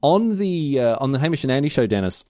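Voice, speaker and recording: Very animated and dark in tone, this young Australian co-host speaks in a mid-range voice with a city accent. The studio-quality recording has no room sound, and his podcast chat is casual, chatty, self-mocking and full of quick asides.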